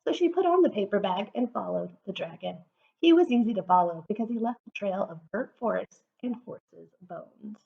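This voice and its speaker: A woman, a school art teacher, reads a children's picture book aloud with animated storytelling and a very lively, swinging pitch. Her voice carries a gravelly fry, and the recording is dull and lo-fi. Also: normal speed. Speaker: guest reader, art teacher. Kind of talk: expressive story read-aloud.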